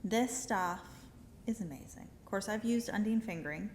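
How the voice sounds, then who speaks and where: A woman's voice: mid-range voice, normal speed, darkish tone, slight background noise. A woman co-hosting a casual knitting chat in a yarn shop, chatty, with lots of ums and laughter.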